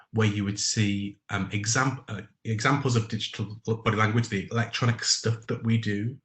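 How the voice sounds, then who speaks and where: A man with a fairly low voice runs a live training webinar. He pauses with ums and reads answers from the chat aloud. The sound is roomy, with a noticeable echo.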